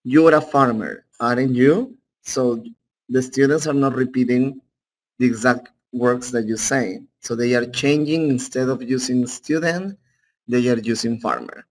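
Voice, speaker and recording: Slow-talking man with Peruvian Spanish accent. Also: medium pitch, low-quality recording. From Peru. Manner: unhurried, checks in with "okay?". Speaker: English teacher. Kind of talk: online class lecture.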